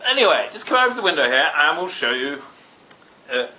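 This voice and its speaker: A man's voice: a little high, big pitch swings, brisk, pushed and bright, heavily acted, rough recording. A man voicing a fussy young woman stuck in a tower who nags her suitor. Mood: nagging. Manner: nagging, exasperated.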